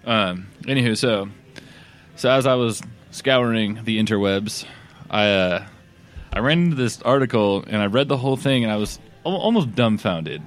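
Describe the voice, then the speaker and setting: A man with a low voice tells a news item in loose, rambling bar talk. He leans on fillers and laughs as he goes, like a co-host chatting with friends over drinks. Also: lively intonation, moderate pace. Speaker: podcast co-host reading news. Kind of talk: casual bar chat. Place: sports bar.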